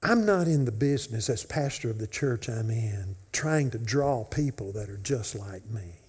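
In a church sanctuary, a pastor with a husky, mid-range voice preaches animatedly at normal speed. He swings between ringing, emphatic declarations and hushed whispers, his voice trailing into the long reverb of a large hall.

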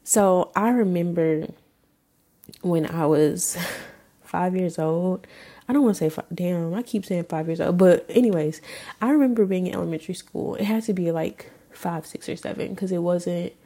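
A woman's voice: on the low side, moderate pace, dark tone. A woman in her twenties hosting a podcast, telling her own story in a candid, emotional way with casual swearing. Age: 20s. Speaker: podcast host. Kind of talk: personal storytelling monologue.

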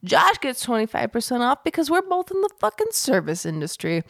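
A tipsy young woman co-hosting a podcast, loud, profane and giggly. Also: high-pitched, very animated, a little fast, creaky. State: drunk. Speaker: podcast co-host. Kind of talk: tipsy casual chat.

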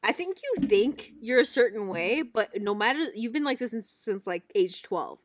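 A woman's voice: on the high side, moderate pace, a little hiss or hum. Blunt, swearing young woman. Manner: blunt, swears often, animated storytelling. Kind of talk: casual chat.

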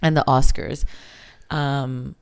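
A woman's voice: very deep voice, steady tone, slow pace, gravelly, clear, resonant tone. A Canadian woman in her thirties hosting a podcast, talking frankly and casually, with swearing. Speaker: podcast host.

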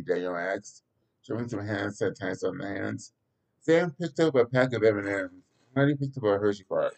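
A man's voice: on the low side, moderate pace, creaky, darkish tone, rough recording. A man narrating a story aloud in a homemade reading, stumbling and restarting now and then. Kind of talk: amateur read-aloud narration.

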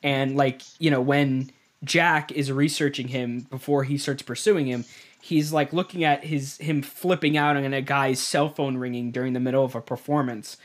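A man's voice: medium pitch, steady tone, normal speed. A man co-hosting a casual movie review podcast, talking things through with repeated words and chuckles. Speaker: podcast co-host.

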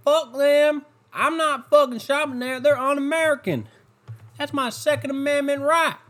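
Man mocking a ranting patriot guy, high-pitched, loud, indignant. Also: normal speed. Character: loud angry gun-loving American male patriot.

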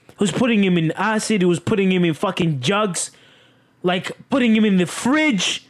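A speaker casually recapping a crime show, animated and profane, often jumping to high exclaims. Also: moderate pace. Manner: animated, swearing, exclamatory, with sudden leaps in pitch.

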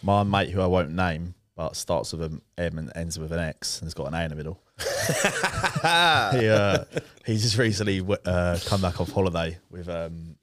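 A man's voice: low-pitched, moderate pace, fairly bright tone, no echo, studio quality. A man, co-hosting a podcast and telling a story in casual, slangy chat with frequent laughs. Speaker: podcast co-host.

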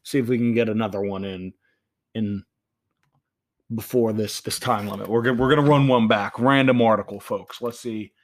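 A man hosting a show, casually talking himself through a game, swinging between loud outbursts and quiet muttering. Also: lowish voice, fairly even intonation, moderate pace. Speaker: podcast host. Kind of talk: casual live commentary while playing a game.

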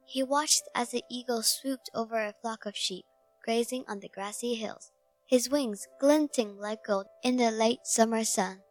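Storyteller lady reading a fable slowly, pretty high voice, faint music behind. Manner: slow, gentle storybook reading. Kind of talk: scripted narration of a fable.

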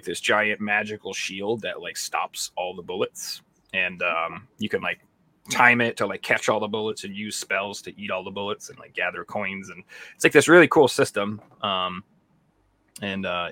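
A man with an Australian accent chatting casually on a gaming podcast, acting out his own reactions in sudden high bursts. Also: bright, forceful tone. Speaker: podcast co-host. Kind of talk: casual chat.

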